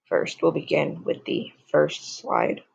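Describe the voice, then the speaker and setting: A young man walks through a beginner lesson from slides, slow and patient, repeating each phrase for drill. His voice sits a little high and is heavy with gravel. The sound is dry and close, with no room around it. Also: no echo, lo-fi sound. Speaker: language teacher. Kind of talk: slide-based lesson narration.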